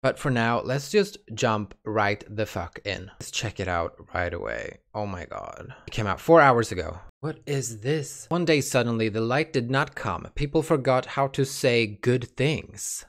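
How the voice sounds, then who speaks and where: A host giving a casual reaction commentary, excitable, bursting into gasps, shrieks and the odd swear word. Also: a little slow. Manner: lively, jumpy pitch.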